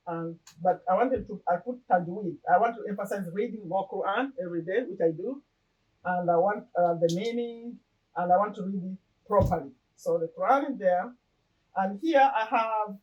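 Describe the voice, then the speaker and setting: A middle-aged woman speaks at a medium pitch in a casual, reflective way, stopping and restarting as she explains things. She sounds a little distant from the microphone. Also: dull audio. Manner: earnest, reflective, with pauses and restarts. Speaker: vlogger sharing her vision board. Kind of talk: casual personal talk to camera.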